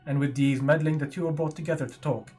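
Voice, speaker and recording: A man with a somewhat high voice narrates a recap of the previous tabletop game session. He reads steadily from a script and corrects the odd slip along the way. Faint music plays under him. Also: fast talker, husky. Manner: steady storytelling read with small self-corrections. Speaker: player reading the session recap.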